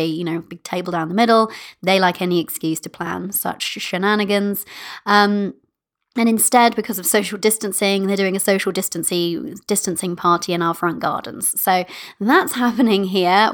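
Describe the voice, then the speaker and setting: Bubbly woman podcast host. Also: medium pitch. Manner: bubbly, playful, giggly, affectionate. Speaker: podcast host and manifestation coach. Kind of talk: casual solo podcast chat.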